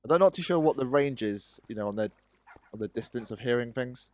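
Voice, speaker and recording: Talking fast with lively intonation, a man with a mid-range voice casually narrates his play of a building game for a gaming video. He keeps chatting to his in-game pets and hesitates often, dropping many ums.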